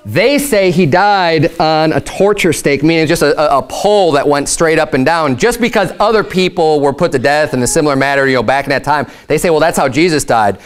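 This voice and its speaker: A male pastor with a slightly high, smooth voice preaches a conversational sermon. He is emphatic and explanatory, and he slows down when reading scripture.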